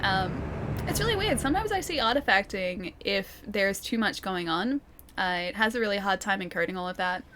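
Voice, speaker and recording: A woman's voice: medium pitch, lively intonation, normal speed, fairly bright tone, slight background noise. A woman with an Australian Melbourne accent, chatting casually with viewers while playing a game, laughing often. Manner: chatty, giggly, talks to chat. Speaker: streamer. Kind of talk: casual gameplay chat.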